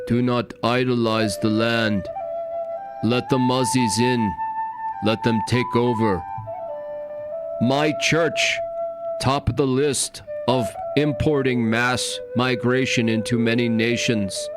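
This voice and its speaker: A man putting on a slow dreamy preachy hippie. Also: medium pitch, big pitch swings, loud music behind the voice. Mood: mocking. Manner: slow, drawn-out mocking delivery.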